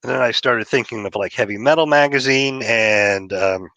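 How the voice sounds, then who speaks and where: A man's voice: medium pitch, normal speed, sharp tone, no echo, lo-fi sound. A man from Texas, a comic creator guest, talking in a laid-back, rambling way with frequent fillers. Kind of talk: casual interview chat.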